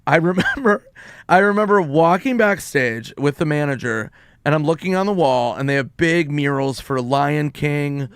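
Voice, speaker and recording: A stand-up comedian in his forties, a guest on a radio show, telling stories with quick back-and-forth dialogue. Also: fairly high pitch, clean tone, dry recording, studio quality. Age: 40s. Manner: storytelling, acting out both sides of conversations. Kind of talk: casual radio chat. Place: radio studio.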